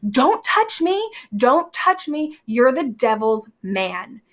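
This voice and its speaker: Figure: a woman reading as a frightened young woman. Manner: shrill, pleading, raised pitch. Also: steady tone, moderate pace, a bit bright. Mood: frantic.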